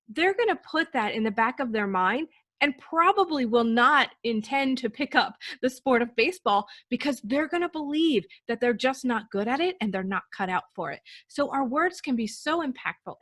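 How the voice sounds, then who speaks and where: A woman's voice: high-pitched, animated, moderate pace, fairly bright tone, no echo. A woman coaching parents on how to talk to their children, earnest and encouraging, sometimes acting out sample phrases. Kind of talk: instructional talk.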